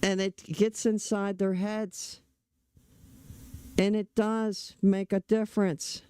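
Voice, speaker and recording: A man's voice: high-pitched, flat delivery, takes it slowly, a little mellow, clean tone. A middle-aged man talking politics in a casual, blunt, opinionated way, often restarting his sentences. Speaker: political commentator.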